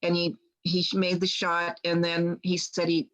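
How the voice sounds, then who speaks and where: A woman's voice: fairly low pitch, monotone, normal speed, a bit bright, poor audio. A woman telling a long personal story in a rambling way, with many restarts. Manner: rambling with restarts, quotes others plainly. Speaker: guest healer telling her story. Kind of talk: casual storytelling.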